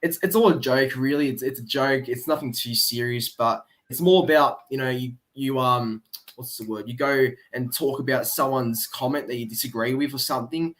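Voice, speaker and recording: A man with a middle-pitched voice hosting a podcast. He explains things loosely, with a relaxed and casual delivery. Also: moderate pace. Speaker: podcast host.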